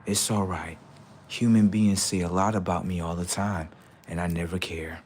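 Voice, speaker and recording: A man playing a spacey, detached oddball who talks about "human beings" in a calm, low, matter-of-fact murmur. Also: normal speed, slight background noise, close to an everyday voice. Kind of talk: comedy skit character.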